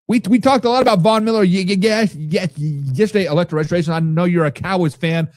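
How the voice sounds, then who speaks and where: Man, sports show host, casual chat, animated and profane, fairly high voice, dry sound. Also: dry recording. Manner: loud, animated and profane, reacting to viewers' comments. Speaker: podcast host reading live chat.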